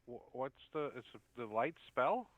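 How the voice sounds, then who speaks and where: A man narrating and running a tabletop game as dungeon master, animated and quick with asides. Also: mid-range voice, dry recording, phone-quality sound.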